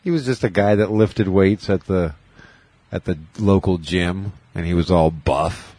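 A man telling stories in casual chat, animated and full of voices. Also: sits low, unhurried, no echo. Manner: animated storytelling with many voices.

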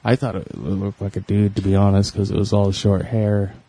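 A man's voice: on the low side, level tone, normal speed, warm tone, slightly rough. A man co-hosting a podcast, explaining things hesitantly with many fillers. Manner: hesitant, full of uh and like. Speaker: podcast co-host. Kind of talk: casual chat.

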